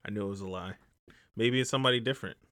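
A man's voice: lowish voice, rapid-fire, a bit bright. A man co-hosting a podcast, teasing in a laid-back, casual way. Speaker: podcast co-host.

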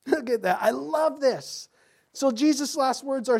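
Middle-aged male pastor, animated sermon delivery, acts out voices, chuckles. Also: extremely high pitch, normal speed.

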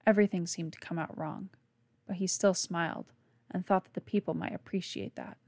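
A woman reading her own novel aloud in a soft, hushed narration. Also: lowish voice, fairly even intonation, brisk, gravelly, no room sound. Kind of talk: scripted narration.

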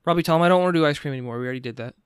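A young man tearing through casual banter at high speed, swearing freely and cracking jokes. His voice sits a bit high for a man. The sound is dry, close and free of room echo. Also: clear, resonant tone. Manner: rapid, profane, joking.

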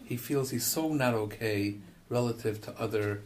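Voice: mid-range voice, normal speed, darkish tone. A student asking probing questions in a class. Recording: distant, roomy, faint noise.

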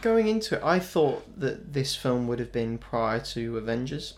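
A man's voice: mid-range voice, normal speed. Incredulous, sweary man in a film chat. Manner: animated and incredulous, swears freely. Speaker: podcast co-host. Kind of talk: casual film review chat.

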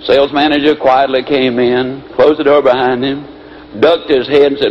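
A man giving a motivational speech, telling folksy stories in an animated way, on a muffled lo-fi recording. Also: medium pitch, moderate pace. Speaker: motivational speaker. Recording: muffled lo-fi with faint hiss.

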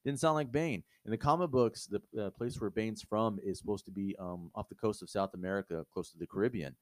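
A man's voice: lowish voice, fairly quick, no room sound. A man co-hosting a podcast, talking in a blunt, profane, emphatic way in casual, opinionated chat. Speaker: podcast co-host.

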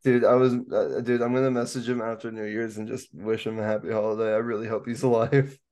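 A man's voice: lowish voice, level tone, fairly quick, a little mellow. Young man, podcast co-host, casual banter, profane, laughs a lot. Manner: joking, laughs often, profane. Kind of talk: casual banter among friends.

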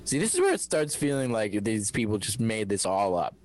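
A man's voice: lowish voice, sing-song, a little fast. A man reading a news story aloud over a video call, joking as he goes in a casual comedic chat. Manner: joking, reads aloud with playful voices.

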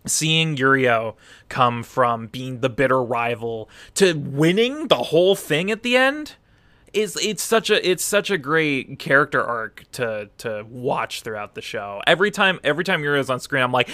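A man co-hosting a podcast in casual chat, animated and excitable. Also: medium pitch, a little slow, dry recording. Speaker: podcast co-host.

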